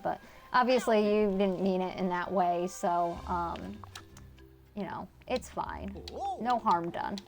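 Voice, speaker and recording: A woman's voice: on the low side, vocal fry. A woman in her thirties streaming a video game, chatting loosely with her viewers, rambling and swearing casually as she answers chat. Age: 30s. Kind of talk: casual live-stream chat while gaming.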